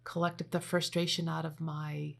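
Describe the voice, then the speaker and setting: Low gravelly-voiced woman guiding meditation. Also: flat delivery. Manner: slow, gentle spoken instructions. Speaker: meditation leader. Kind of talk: guided meditation.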